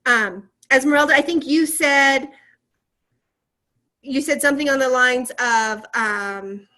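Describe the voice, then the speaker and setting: A woman with a high, bright voice leads a motivational training session over a video call. She talks with lively energy, encourages her listeners and keeps firing questions at them. She sounds upbeat and sure of herself. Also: moderate pace. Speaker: team leader coaching a sales team.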